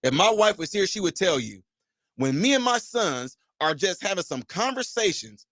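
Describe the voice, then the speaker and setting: A middle-aged man hosting a call-in stream, talking in an animated, emphatic way. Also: high voice, moderate pace, no echo, clean studio sound. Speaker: host taking callers. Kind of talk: livestream commentary.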